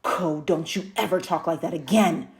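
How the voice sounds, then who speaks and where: A woman reading a storybook, voicing a tired, patient mother who speaks calmly and firmly. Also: fairly low pitch, normal speed, lightly acted. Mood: stern.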